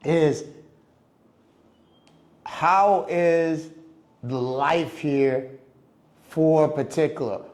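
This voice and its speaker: A man hosting his own podcast, talking casually in a monologue and acting out quoted visitors with lively restarts. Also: medium pitch. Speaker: podcast host. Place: living in the Dominican Republic.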